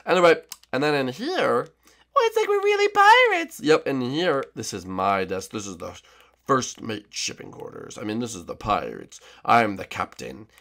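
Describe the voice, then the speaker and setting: Animated, bright-voiced gaming host. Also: male voice, lowish voice, normal speed, vocal fry. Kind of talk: playful game role-play with narration.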